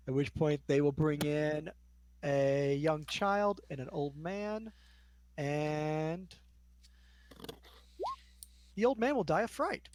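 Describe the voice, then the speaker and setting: A man's voice: a little high, expressive, slow, pauses often, darkish tone. A man acting as game master, narrating scenes in a casual tabletop role-playing session. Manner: casual, describing scenes at length.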